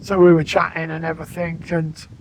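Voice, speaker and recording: A man, calmly telling a personal story as a podcast guest and retelling conversations in a matter-of-fact way. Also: a little high, fairly quick, slight background noise.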